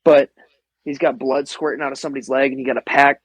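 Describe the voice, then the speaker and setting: A man from the American Midwest, a guest on a podcast, telling animated airsoft stories in casual chat, swearing freely and laughing often. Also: medium pitch, quick pace, slightly rough, no room sound, rough recording.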